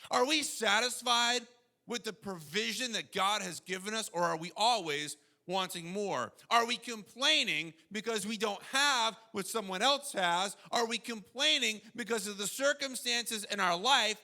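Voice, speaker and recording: Man, pastor, sermon, very high voice, animated preaching, mocking quoted voices. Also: a little slow.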